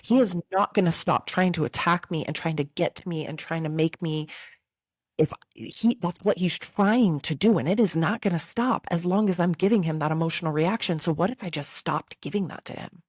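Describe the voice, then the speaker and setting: A woman's voice: lowish voice, moderate pace, dry recording. A woman in her thirties hosting a podcast, telling a personal story earnestly and speaking directly to her listeners. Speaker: podcast host. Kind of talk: candid podcast chat.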